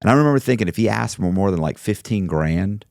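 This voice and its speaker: Guy with a lowish voice telling a story on a podcast, does all the voices, dry close mic. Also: fast, gravelly, no room sound. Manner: animated storyteller acting out both sides of conversations. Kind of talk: casual storytelling interview.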